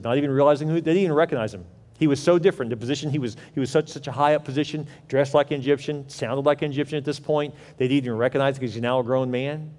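A man preaching a sermon in an animated way, asking rhetorical questions and acting out quoted voices. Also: medium pitch, in a large hall. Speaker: pastor.

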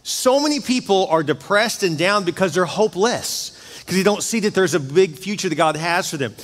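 A middle-aged man delivers a sermon in a high, light voice. His preaching is chatty and lively, and he keeps addressing the congregation directly. The sound rings with the long reverb of a large church hall. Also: moderate pace. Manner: conversational, energetic preaching with asides to the congregation. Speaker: pastor. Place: church sanctuary.

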